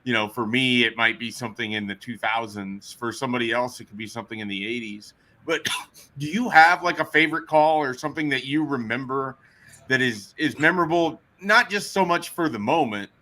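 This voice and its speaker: A man's voice: medium pitch, pushed and bright. A man hosting a sports podcast, asking long, winding questions. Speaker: podcast host. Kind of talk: casual podcast interview.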